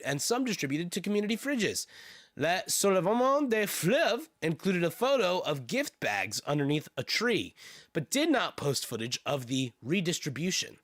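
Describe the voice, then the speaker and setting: A man's voice: sits high, a bit bright, dry recording, studio quality. A man streaming casually, reading news aloud with sardonic, profane asides and laughs.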